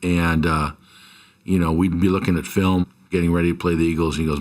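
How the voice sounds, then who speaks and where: A man's voice: deep voice, flat delivery, a little fast. An older man, a former head coach, telling stories from his coaching years in a reflective, conversational interview. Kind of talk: interview recollection.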